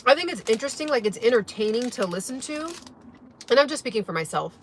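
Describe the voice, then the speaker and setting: A woman's voice: fairly high pitch, animated, fast, a little hiss or hum. A young woman chatting casually to her viewers, rambling as she eats breakfast. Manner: rambling, chatty, eating while talking. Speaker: vlogger. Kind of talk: casual chat to camera while eating.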